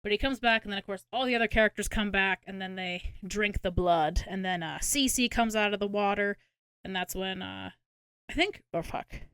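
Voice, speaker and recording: A woman's voice: medium pitch, normal speed, a bit bright, smooth, dry recording, clean studio sound. A young woman co-hosting a podcast, recapping a film in casual chat, swearing and acting out characters' lines. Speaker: podcast co-host.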